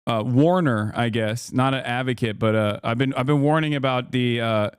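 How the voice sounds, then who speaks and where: A man's voice: mid-range voice, normal speed, clear, resonant tone, no room sound, clean studio sound. A man hosting a live-stream interview, talking casually with lots of fillers and restarts. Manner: rambling, many fillers and restarts. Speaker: streamer host.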